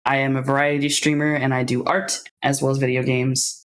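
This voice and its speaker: A man's voice: medium pitch, flat delivery, brisk, fairly bright tone. Bashful young-sounding man. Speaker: player, streamer and artist.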